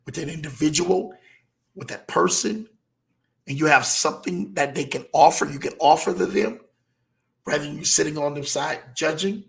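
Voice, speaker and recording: A man with a slightly high, gravelly voice gives a motivational talk as the show's host. He preaches in a casual way, repeats his main lines and drags them out slowly to drive them home. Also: a bit bright. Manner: preachy, repeats key lines, slows for emphasis.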